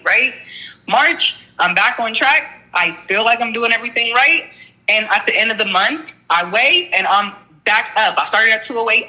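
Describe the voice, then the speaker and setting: A person with a very bright, tense voice, talking as a client in a coaching session. They hesitate, restart and trail off, sounding unsure of themselves. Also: medium pitch, rough recording. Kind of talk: candid conversation.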